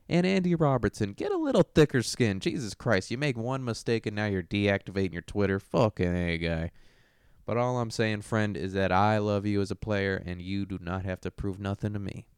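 Young man, sports monologue host, brash, swears a lot, low pitch, dry close sound. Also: darkish tone, clear, resonant tone, no echo. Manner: profane, brash and joking. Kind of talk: casual sports commentary monologue.

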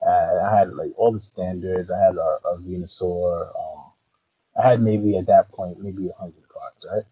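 Man, podcast co-host, low husky voice, dramatic storytelling, dry muffled sound. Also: steady tone, normal speed, no room sound. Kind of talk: casual chat.

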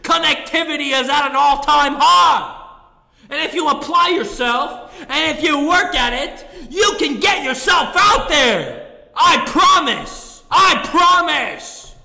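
A man yelling a profane, self-mocking comedic rant, swearing often, recorded in a room in the middle of his building rather than a studio. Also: very high voice, expressive, measured pace, creaky. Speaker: comedian ranting to camera. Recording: echoey room with long reverb.

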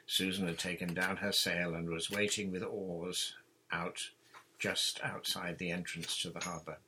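A man reading a children's adventure novel aloud in a steady, measured storybook narration. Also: low voice, a little hiss or hum. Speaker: audiobook reader.

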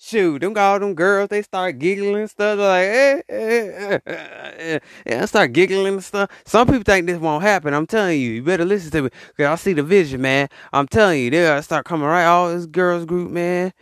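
Casual podcast host, a man with a high, lively voice, dry close sound. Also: a little fast, few pauses, smooth, no room sound. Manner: rambling, animated, acts out quoted voices. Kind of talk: casual motivational monologue.

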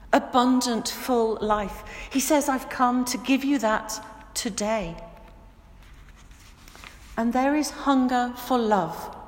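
A woman pastor preaching a sermon in a church, earnest and emphatic, slowing down to stress key words. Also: fairly high pitch. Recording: echoey church with long reverb.

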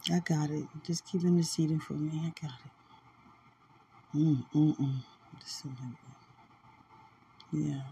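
A woman hosting a podcast, chatting casually and tenderly about faith while sounding sleepy, soft-spoken and given to small laughs. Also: fairly low pitch, creaky, breathy edge. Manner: soft, drowsy and affectionate, with frequent laughs. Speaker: podcast host. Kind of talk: casual faith-filled chat.

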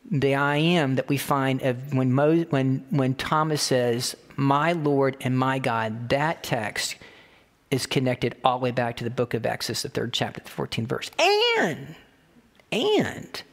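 A man preaching a sermon, emphatic and repetitive, slowing down to quote scripture. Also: medium pitch, in a large hall. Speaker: pastor.

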